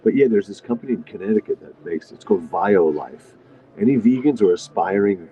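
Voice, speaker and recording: With a deep voice, lively intonation, and a fairly quick pace, a middle-aged man hosts a laid-back diner livestream, rambling and reading out viewer comments between bites. Faint music sits behind the dull, lo-fi sound.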